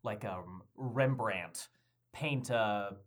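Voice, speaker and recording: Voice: mid-range voice, very slow. A podcast co-host chatting casually, rambling and joking with frequent laughs. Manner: rambling, laughs often, jokey. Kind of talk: casual chat.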